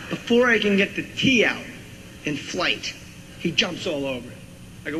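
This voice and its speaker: High-ish guy telling a funny story all fired up, loud noisy background. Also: moderate pace, long pauses. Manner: animated, emphatic storyteller. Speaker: comedian guest. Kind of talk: comic anecdote.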